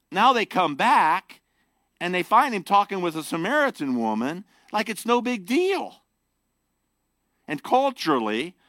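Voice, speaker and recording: A man preaching a sermon, animated and emphatic as he explains scripture to his congregation. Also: on the high side, dry recording. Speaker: pastor.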